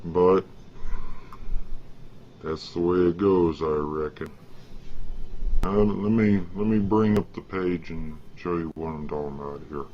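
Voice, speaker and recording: A man's voice: sits low, measured pace, pauses often, a little hiss or hum. A man in a rambling, casual monologue, folksy and boastful, with an aggrieved edge. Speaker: vlogger. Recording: dull lo-fi recording.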